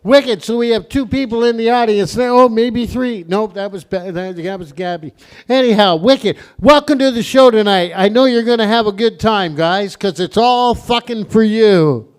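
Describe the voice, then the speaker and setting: A middle-aged man with a fairly high voice hosts a stand-up open mic. He rambles crudely and swears freely as he jokes with the crowd. He speaks on a stage mic in a comedy club. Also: moderate pace, smooth. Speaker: comedy host. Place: comedy venue stage before a live audience.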